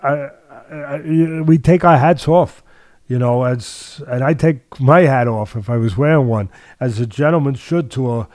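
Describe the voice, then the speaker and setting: A man's voice: medium pitch, measured pace, a little mellow, no room sound. An older man hosting a boxing podcast, talking emphatically in a casual way, repeating himself and restarting his sentences. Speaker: boxing trainer and podcast host. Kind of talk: casual sports talk.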